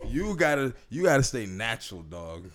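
A man's voice: mid-range voice, big pitch swings, moderate pace. A man joking and teasing his friends in slangy casual banter during a party game.

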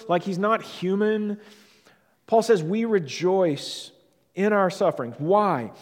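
Earnest high-voiced preacher in a reverberant hall. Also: male voice. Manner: earnest, emphatic, repeats key phrases, drops low on key words. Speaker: pastor. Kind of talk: sermon. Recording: long reverb of a large hall.

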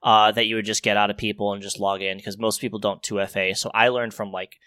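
A man's voice: fairly low pitch, level tone, fast talker, sharp tone, clean tone, no echo. A young American man in casual chat, rambling and swearing, with lots of fillers and restarts.

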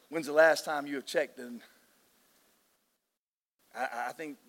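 A man preaching a sermon as pastor, emotional and excitable, often restarting his sentences. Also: medium pitch. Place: large church hall. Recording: long hall reverb.

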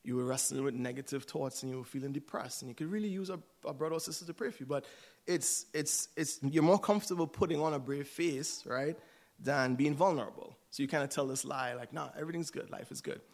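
Gravelly-voiced man preaching conversationally. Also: medium pitch, fairly quick. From United States. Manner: conversational, asks "right?" often. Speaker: church speaker. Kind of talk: sermon.

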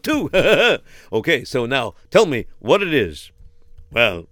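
A man telling a story and acting out the dialogue in an animated, hesitant way with many fillers. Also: mid-range voice, smooth, dry recording, studio quality.

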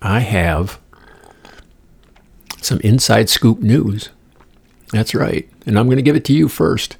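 A man's voice: on the low side, lively intonation, slow, darkish tone. A man hosting his own podcast, riffing in a profane, digressive comic monologue with playful asides and the odd whispered joke. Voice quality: gravelly. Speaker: podcast host. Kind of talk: rambling comedic monologue. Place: condominium room.

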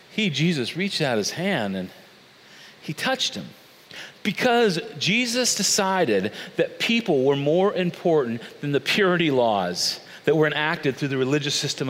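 Male pastor, sermon, animated delivery, slightly high voice, echoing church hall. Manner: animated, acts out quoted voices with big pitch swings. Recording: long hall reverb.

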